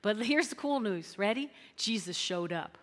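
A middle-aged woman pastor preaching an animated sermon in a church, repeating phrases and acting out voices. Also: mid-range voice, normal speed, in a large hall. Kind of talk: lively sermon with acted-out quotes.

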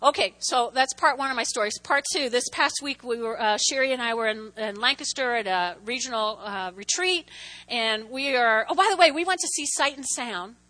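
A middle-aged woman telling personal stories in a church talk, animated, with restarts and asides. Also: on the high side, normal speed. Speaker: church speaker.

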